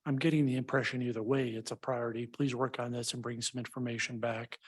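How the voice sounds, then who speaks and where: A man on town staff calmly explaining meeting procedure to a board. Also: medium pitch, quick pace, slightly rough.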